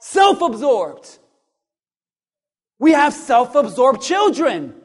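Speaking extremely slowly, this male pastor has a very high-pitched voice as he delivers a sermon. He swings between quiet asides and loud, animated calls, acting out people's words.

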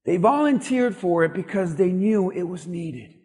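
A man with a strikingly high voice preaches a sermon, calling out questions to the congregation and pressing his points with growing force. His words ring out with a long reverb, as if he stands in a large church hall. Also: expressive, moderate pace, a little mellow. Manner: preaching with rising intensity, rhetorical questions to the congregation. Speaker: pastor.

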